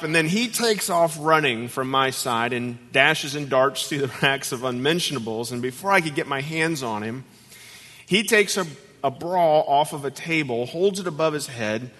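A man preaching a sermon as guest pastor, animated and acting out voices in his stories. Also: on the high side, big-room sound. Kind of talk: sermon with storytelling.

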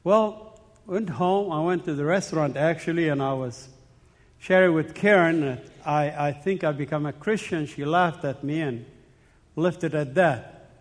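A man's voice: fairly high pitch, a little slow. A middle-aged man giving an earnest, emotional church testimony, often repeating himself and restarting phrases. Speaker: speaker giving his faith testimony. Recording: long hall reverb.

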